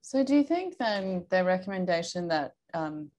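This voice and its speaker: A woman's voice: fairly low pitch, very animated, normal speed. An Australian woman, a doctor, interviewing a colleague attentively and asking careful follow-up questions. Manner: attentive, with soft backchannel murmurs.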